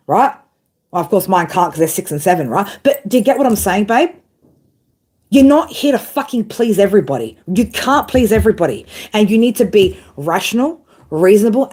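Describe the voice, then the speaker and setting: Blunt, swearing, husky-voiced woman tarot reader. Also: medium pitch, a little mellow. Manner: blunt, swearing, tough-love, asks "right?" again and again. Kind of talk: live tarot reading.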